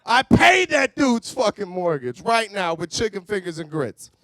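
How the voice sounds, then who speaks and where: A young man doing a profane stand-up set at a bar, shouting out to the crowd. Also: sits high, big pitch swings, normal speed, no echo, clean studio sound. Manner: brash, profane storytelling with shouted crowd work. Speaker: stand-up comedian. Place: comedy bar stage.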